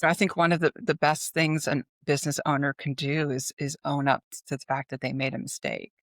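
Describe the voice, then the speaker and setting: A woman's voice: low voice, a little fast, few pauses, dry recording, clean studio sound. A middle-aged woman talking casually as a podcast guest, chatty and full of fillers, acting out anecdotes as she goes. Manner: chatty, filler-heavy, animated retelling of anecdotes. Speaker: podcast guest, business consultant. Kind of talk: casual interview conversation.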